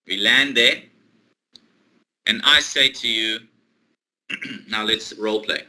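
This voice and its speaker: A man teaching English one-to-one, explaining a role-play exercise patiently, step by step, with pauses. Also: medium pitch, sharp tone, low-quality recording. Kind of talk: online one-to-one English lesson.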